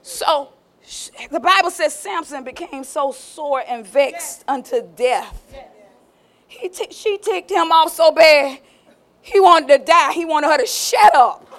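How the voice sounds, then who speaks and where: Woman preaching a sermon, high voice, slow and emphatic, calls out to the church. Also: expressive, fairly bright tone.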